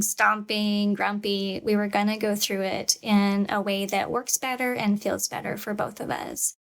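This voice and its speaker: A woman and parent giving a calm, measured lecture on parenting, acting out what a parent might say. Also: mid-range voice. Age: adult parent. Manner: calm, measured, demonstrates parent scripts aloud.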